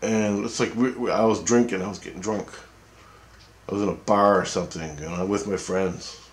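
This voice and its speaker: Guy rambling through a dream story, swears a lot, keeps saying okay, lowish voice. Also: fairly even intonation, normal speed. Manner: profane, repetitive, keeps asking "okay?". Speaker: vlogger recounting a dream. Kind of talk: rambling casual monologue.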